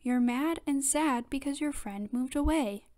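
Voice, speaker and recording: A woman's voice: high voice, a little slow, a little mellow. A woman voicing a patient turtle father in a storybook, soothing and reassuring. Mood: gentle.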